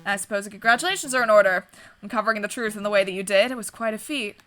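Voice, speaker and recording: A principled male bird prosecutor from a courtroom game reflects in a measured, formal way, read aloud by a woman. The voice is bright. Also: medium pitch, faint music behind, close to an everyday voice.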